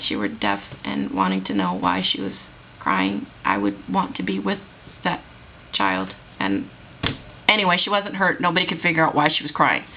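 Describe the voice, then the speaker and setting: A woman vlogger telling a work story in an animated, exasperated storytime way. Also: on the low side, muffled recording, a little hiss or hum. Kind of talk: storytime vlog.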